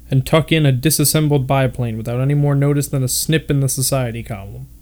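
A man's voice: mid-range voice, a little mellow. A man reading an old novel aloud for his podcast, breaking off now and then to puzzle over odd words. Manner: stops to comment on odd words. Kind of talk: casual read-aloud with asides.

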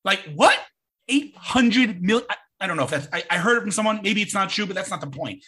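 A man with a somewhat high, bright voice talks in a lively, swooping way as he hosts a chat over a video call. He is emphatic and animated, and he jumps into mocking voices when he quotes others. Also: racing, husky. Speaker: podcast host. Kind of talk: casual conversational interview.

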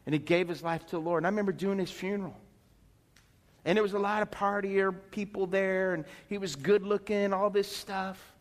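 High-voiced pastor preaching in a reverberant sanctuary. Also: male voice, fairly even intonation, a little fast. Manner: emphatic, rhetorical questions to the congregation. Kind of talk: sermon. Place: church sanctuary. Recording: long reverb in a church hall.

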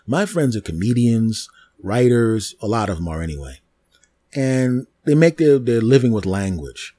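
A man hosting a comedy podcast, telling a story in an animated, repetitive way with mouth sound effects. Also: medium pitch, no room sound, studio quality. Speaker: podcast host.

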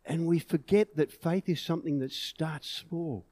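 A man's voice: on the high side, measured pace, darkish tone, no echo. A man preaching a sermon in an earnest way, pushing emphatic peaks on key words.

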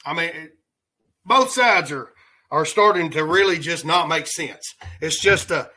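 A man's voice: a little high, animated, moderate pace, pushed and bright, low-quality recording. A man hosting a podcast, giving rambling, heated political commentary in a colloquial way. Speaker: podcast host.

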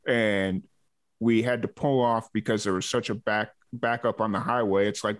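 A man's voice: lowish voice, fairly even intonation, normal speed, dry recording. A man from Chicago hosting an interview podcast, telling stories in an easygoing way and putting in short backchannels. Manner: easygoing storyteller, brief backchannels. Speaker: podcast host. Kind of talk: casual interview chat.

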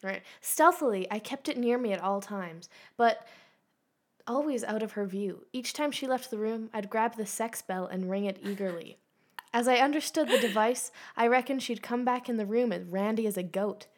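A woman's voice: on the high side, moderate pace. A young woman co-hosting a podcast, reading a silly review aloud with dry asides and giggles. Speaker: podcast co-host.

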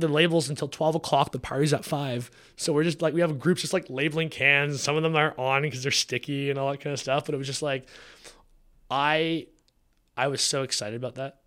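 A young man from Canada, a guest telling a story in casual chat, animated, acting out the quotes and swearing freely. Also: mid-range voice. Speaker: podcast guest, drinks founder.

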